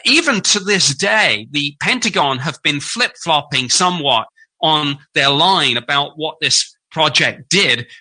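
A man's voice: a little high, pushed and bright, rough recording. A man who once worked in government, explaining things in an interview and stumbling now and then. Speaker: former government official. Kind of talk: interview answer.

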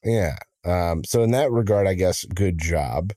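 A man co-hosting a podcast in casual chat, telling drawn-out joking stories with lots of fillers. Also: sits low, dark tone, no echo. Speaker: podcast co-host.

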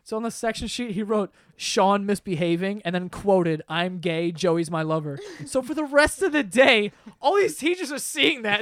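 A young man hosting a podcast, telling school stories to friends in a lively way, laughing, swearing and loudly acting out what people said. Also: high-pitched, normal speed, hardly any pauses, no echo. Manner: animated, laughing, swearing, acts out quotes loudly. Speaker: podcast host. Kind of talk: casual storytelling among friends.

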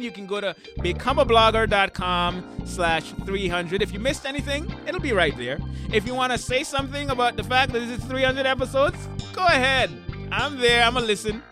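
A man hosting his own podcast, talking casually and heartfelt, slowing down and growing emotional as he thanks listeners, then hyping himself back up. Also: high voice. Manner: heartfelt, slows down softly when grateful, then hypes himself up. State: getting emotional. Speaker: podcast host. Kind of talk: casual solo podcast talk.

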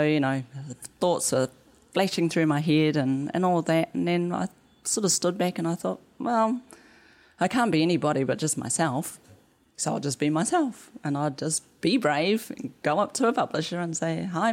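Nz woman game dev, low voice, tells stories in an interview, does little voices for quotes, laughs easy. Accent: New Zealand. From New Zealand. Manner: animated storyteller acting out quotes, laughs easily. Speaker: game developer guest. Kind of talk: conversational interview.

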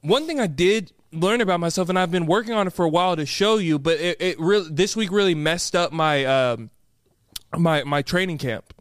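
Laid-back young man with a high voice. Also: moderate pace, smooth, no room sound, clean studio sound. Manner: laid-back, rambling, self-mocking. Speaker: podcast co-host. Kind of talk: casual chat.

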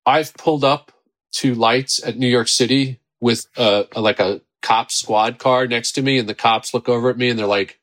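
A middle-aged actor, a man, chatting as a podcast guest, telling rambling, animated anecdotes full of quoted voices. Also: mid-range voice, moderate pace. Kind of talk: casual anecdotal chat.

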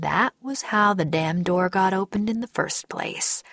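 A woman narrating a first-person story in a measured, deliberate way. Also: medium pitch, a bit bright, no room sound, clean studio sound. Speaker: audiobook narrator.

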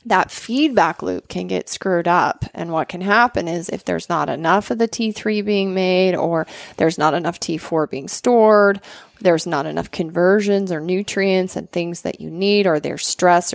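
A woman co-hosting a health podcast, explaining things in a quick, conversational way and often checking in with "right?". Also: on the low side, gravelly, dry recording. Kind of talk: explanatory casual chat.

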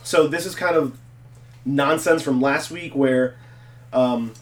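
A man's voice: mid-range voice, slow. A man hosting a casual wrestling recap, joking and laughing often. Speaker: podcast host.

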